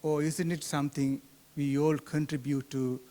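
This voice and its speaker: A man in his forties, a book club member asking a halting question full of restarts. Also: a little high, flat delivery. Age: 40s. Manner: halting, many fillers and restarts, soft laugh. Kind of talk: hesitant audience question. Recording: hall reverb.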